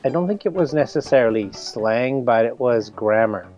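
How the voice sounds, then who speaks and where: A man's voice: mid-range voice, expressive, moderate pace, a little mellow. A young man giving hesitant, bemused answers in a casual interview. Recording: dull lo-fi sound, music.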